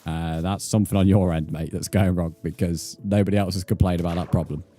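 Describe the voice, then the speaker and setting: A man's voice: sits low, steady tone, brisk, warm tone. A man livestreaming a game, chatting bluntly and swearing as he reads out his chat. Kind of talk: casual live gaming stream chat.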